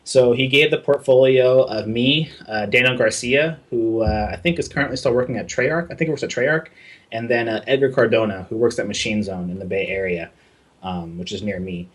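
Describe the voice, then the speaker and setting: A man's voice: medium pitch, a little fast. A young man from Southern California telling a casual, profane story as a guest in an interview. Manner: casual, profane, acts out quoted dialogue in his telling. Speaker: guest concept artist.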